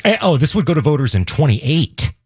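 Male talk radio co-host, husky, dry close mic, wry and lively. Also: on the high side, fairly quick, dry recording. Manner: wry, mock-indignant. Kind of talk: casual political banter.

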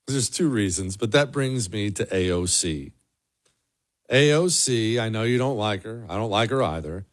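A man's voice: on the low side, expressive, moderate pace. Blunt man hosting political commentary. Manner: blunt, sarcastic, emphatic repetition. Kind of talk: opinionated solo commentary.

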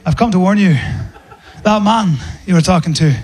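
Man putting on a booming Scottish nobleman. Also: darkish tone, close to an everyday voice. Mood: solemn, grand. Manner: booming, drawn-out proclamations. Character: bold Scottish nobleman in a kilt, grandly theatrical.

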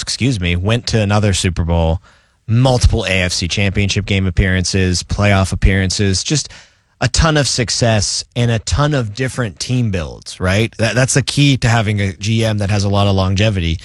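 Low-pitched guy chatting football on a podcast, dry close mic, corrects himself as he goes. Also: no room sound. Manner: conversational, fast with fillers and self-corrections. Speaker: podcast co-host. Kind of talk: casual sports chat.

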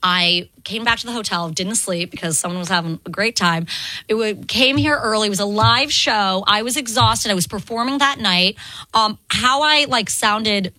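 Guest, woman, bright and chatty, dry studio sound, quick laughs and fillers. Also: mid-range voice, dry recording, low-quality recording. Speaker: guest performer. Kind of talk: casual radio interview chat.

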